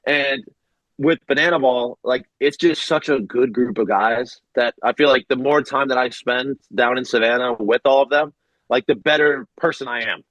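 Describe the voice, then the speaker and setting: A man in his twenties talks in a relaxed interview, sincere and open, his sentences full of "like" and restarts. The sound is close and dry, with a dull, slightly lo-fi edge. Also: mid-range voice, normal speed, no room sound. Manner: earnest, heartfelt, many fillers like "like". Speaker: guest, baseball pitcher. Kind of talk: casual interview.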